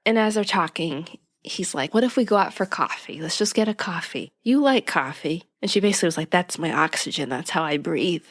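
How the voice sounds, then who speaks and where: A woman's voice: lowish voice, expressive, a little fast, hardly any pauses. A young woman co-hosting a casual podcast, animatedly retelling a TV episode, dropping her voice to quote characters and laughing often. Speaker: podcast co-host. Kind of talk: casual chat recapping a TV episode.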